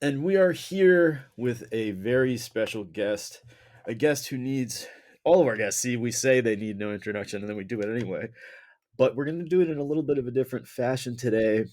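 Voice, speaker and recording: A man's voice: mid-range voice, fairly quick, darkish tone. An American man hosting a podcast interview, teasing and joking with his guest. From United States. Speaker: podcast host. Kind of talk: casual interview chat.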